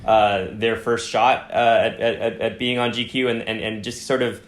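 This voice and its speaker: A man's voice: lowish voice, level tone, normal speed, reverberant. A Canadian man chatting casually as a podcast guest, rambling with many fillers and restarts. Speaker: podcast guest, fashion editor. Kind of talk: casual chat.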